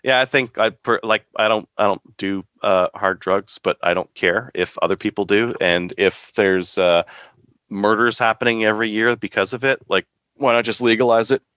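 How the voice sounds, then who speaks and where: Low-voiced man, hesitant talk. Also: steady tone, normal speed, a bit bright, clean tone, no echo, studio quality. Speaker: podcast co-host. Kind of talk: casual chat.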